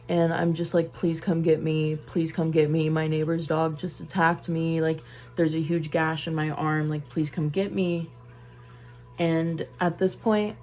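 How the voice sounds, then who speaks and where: A young woman with a low, gravelly voice recounts a personal story straight to camera. She talks casually and emphatically, circling back to repeat her words. Her delivery stays plain and conversational. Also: a little mellow. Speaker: vlogger.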